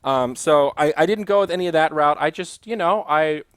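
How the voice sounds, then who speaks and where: A man's voice: fairly high pitch, a little fast, clear, resonant tone, dry recording, clean studio sound. A young man hosting a solo podcast, chatting casually and loosely, with frequent swearing and asides to his chat. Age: young adult. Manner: rambling, profane, talks to chat. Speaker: podcast host.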